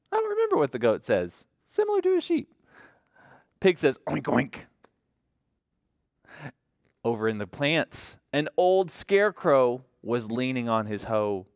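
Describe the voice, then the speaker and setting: A children's librarian reads a picture book to toddlers in a slow, unhurried way, with a voice that leaps from low to very high on every line. The delivery is sing-song, full of animal noises and questions for the little listeners. The sound is dry and close. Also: no room sound.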